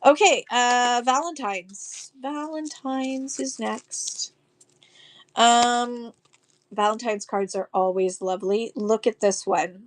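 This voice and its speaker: A woman's voice: on the high side, slow. A woman selling vintage postcards on a live stream, gushing over each card and reading verses aloud in a chatty way. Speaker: live online auction seller.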